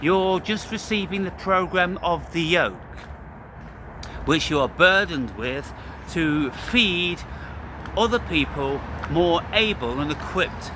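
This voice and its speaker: A man's voice: fairly high pitch, background noise. A man ranting confrontationally in a vlog, taunting and swearing, recorded outdoors near a street. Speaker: vlogger.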